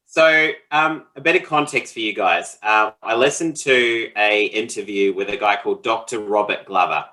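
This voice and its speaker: A man with a bright, forceful voice co-hosts a podcast. He explains ideas in a loose, rambling way, with frequent laughs and filler. He speaks into a studio podcast microphone. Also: lowish voice, unhurried, low-quality recording. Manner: relaxed, rambling, laughs often. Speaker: podcast co-host. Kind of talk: casual conversational podcast chat.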